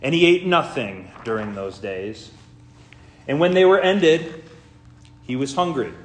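Male pastor, earnest sermon and gospel reading, deliberate unhurried delivery, roomy church reverb. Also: medium pitch, lively intonation. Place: church sanctuary. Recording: echoey church room.

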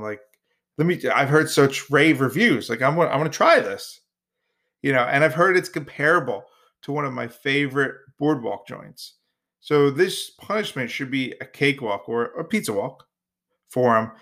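A man's voice: medium pitch, fairly bright tone. A man hosting his own podcast, talking alone in a jokey, rambling way with playful asides. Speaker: podcast host. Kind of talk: casual solo podcast monologue.

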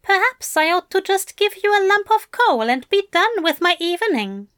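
A woman voicing a prim, playful male angel who teases in a high sing-song voice. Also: big pitch swings, moderate pace, fairly bright tone, no echo, clean studio sound, full character voice. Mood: teasing.

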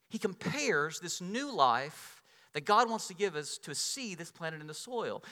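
A man preaching a sermon, telling a personal story with lively swings between loud and soft delivery. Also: high-pitched, big-room sound. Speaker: pastor.

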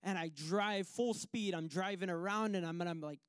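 Man preaching with a lively story. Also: high-pitched, normal speed, smooth, dry recording, clean studio sound. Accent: Canadian English. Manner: lively storytelling, acts out quotes. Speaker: pastor. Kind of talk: sermon with personal story.

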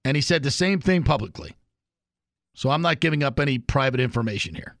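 A man's voice: mid-range voice, lively intonation, brisk, a bit bright, no room sound, studio quality. A man hosting a sports talk radio show, delivering an opinionated, emphatic monologue.

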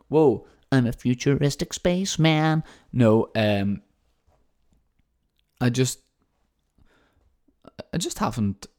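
A man, middle-aged, hosting a casual comic podcast, rambling through listener messages with sweary rants and sudden loud bursts. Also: lowish voice. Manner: answers listener messages chattily.

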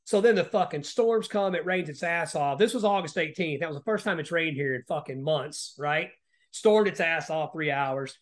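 A man with a notably high-pitched speaking voice tells long, rambling stories as a podcast guest. He swears constantly, restarts his sentences and keeps checking in with the listener with a quick "right?". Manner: heavy swearing, frequent "right?" tag questions. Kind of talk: casual storytelling.

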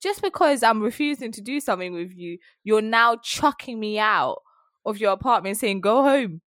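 A young woman, telling a story in a frank, animated way while chatting as a podcast co-host. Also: medium pitch, normal speed, no echo, studio quality. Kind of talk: casual chat.

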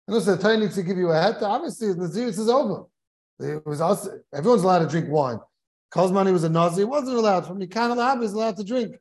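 A man's voice: sits high, lively intonation, brisk, darkish tone. A man who is a rabbi giving a Torah class in a study hall, telling a humorous story and chuckling as he goes, mixing Hebrew and Yiddish terms into his English.

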